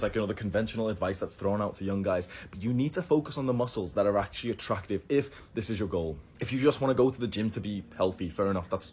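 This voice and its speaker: A man's voice: fairly low pitch, darkish tone, slight background noise. A man giving blunt, profane self-improvement advice in a casual monologue to camera.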